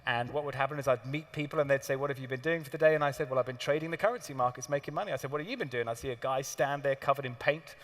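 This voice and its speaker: A man giving a live seminar talk to an audience, telling stories in an animated way with laughs and the odd swear word. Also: mid-range voice, very fast, hardly any pauses. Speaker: seminar speaker. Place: large hall with audience. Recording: long hall reverb.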